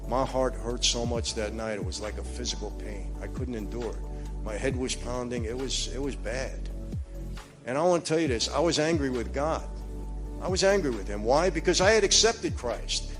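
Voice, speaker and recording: A man with a New York accent giving a personal testimony. He talks emphatically and confidingly to his listeners, dropping to hushed low passages and rising to urgent ones. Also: normal speed, soft background music.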